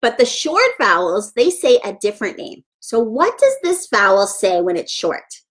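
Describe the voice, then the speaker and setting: A woman's voice: a little high, very animated, normal speed, fairly bright tone. A woman teaching a live online letters-and-sounds lesson to young children, encouraging and sing-song as she praises each child by name.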